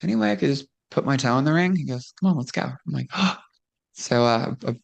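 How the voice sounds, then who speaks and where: A woman's voice: a bass voice, expressive, a little fast, gravelly. A woman who used to wrestle professionally, chatting casually as a guest. She tells stories frankly, laughs often and acts out quoted dialogue. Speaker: guest, former pro wrestler. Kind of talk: casual chat, storytelling.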